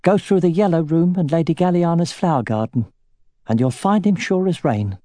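A cold, haughty matron gives curt directions, voiced by a man reading a storybook. The tone is mellow and dry, close to the mic. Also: on the high side, moderate pace, no echo, voice pushed up, close to an everyday voice. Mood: disdainful. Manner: disdainful, curt. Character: cold, haughty older woman, a palace matron.

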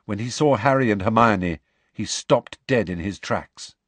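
A man narrating an audiobook with an expressive, varied reading. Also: lowish voice, a little slow, no room sound.

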